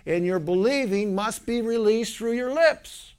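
A man preaching a sermon, telling a healing story with animated delivery and acting out the voices of the people in it. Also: high voice, measured pace, smooth.

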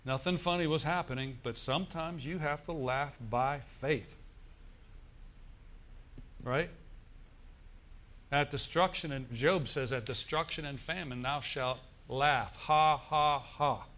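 Man preaching a lively sermon. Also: mid-range voice, takes it slowly, long pauses. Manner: preaching with call-and-response asides; animated storytelling, acts out forced laughter. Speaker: pastor.

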